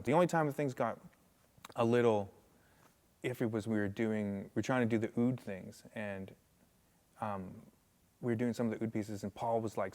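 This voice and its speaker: A man's voice: fairly low pitch, a little fast. A man, a guest musician, telling stories in a casual interview, filling them with "like" and acting out the people in them. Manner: animated, acts out voices in anecdotes, many fillers.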